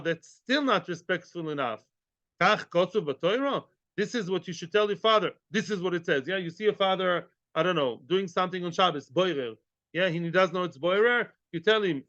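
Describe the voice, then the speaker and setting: A man's voice: high voice, normal speed, pushed and bright, dry recording. A man teaches a daily Talmud class, mixing in Hebrew and terms and asking his listeners questions. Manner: explains in English mixed with Hebrew and Yiddish terms, asks the class questions. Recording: dry, dull lo-fi audio.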